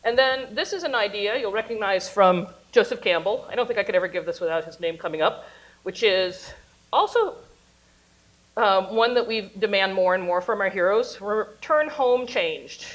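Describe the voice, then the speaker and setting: A woman lecturing on storytelling in a playful, animated way, laughing and cheering along with her own examples. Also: mid-range voice, moderate pace, rough recording. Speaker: university teacher giving a workshop class.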